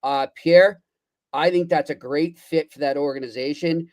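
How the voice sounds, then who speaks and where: A man's voice: fairly high pitch, moderate pace, darkish tone, no room sound. Conversational man co-hosting a sports podcast. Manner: conversational, feeds questions, frequent short agreements. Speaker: podcast co-host. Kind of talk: casual podcast talk.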